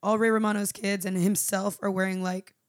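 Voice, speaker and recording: A woman in casual podcast banter, making wry, deadpan jokes. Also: mid-range voice, fairly quick, no echo, clean studio sound.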